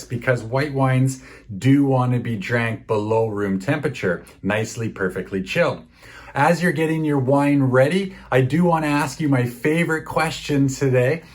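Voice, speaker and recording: A man from Canada guiding a virtual wine tasting for a charity event, upbeat, chatty and a bit salesy. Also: medium pitch.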